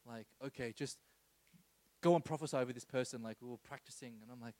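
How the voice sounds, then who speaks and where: A man's voice: medium pitch, fairly even intonation, a little fast, a little mellow, dry recording, rough recording. A man preaching an informal sermon, telling a personal story with many asides and tag questions like "okay?".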